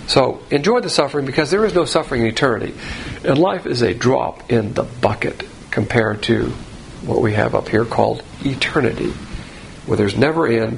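Man, gravelly voice, mid pitch, expository sermon, emphatic peaks, faint background hiss. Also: moderate pace, poor audio. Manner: emphatic, rising sharply on key points; plain conversational teaching with fillers. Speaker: Bible teacher.

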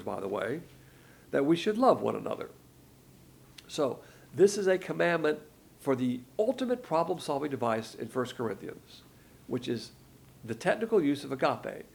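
A man's voice: medium pitch, vocal fry. A man giving a Bible study lesson, explaining scripture and stressing words with his voice to make his points. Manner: explanatory, shifts emphasis with his voice to illustrate points. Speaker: Bible teacher.

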